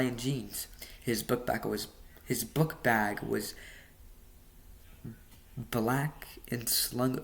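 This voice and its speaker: A man's voice: mid-range voice, a bit bright. A man reading his novel aloud casually, stumbling and adding joking asides. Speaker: audiobook reader.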